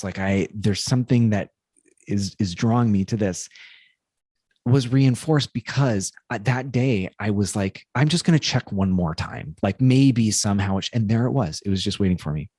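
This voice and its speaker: Very deep-voiced man telling a story. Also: warm tone, husky, no room sound, studio quality. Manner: thoughtful, halting, many restarts. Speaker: podcast co-host. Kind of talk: casual storytelling chat.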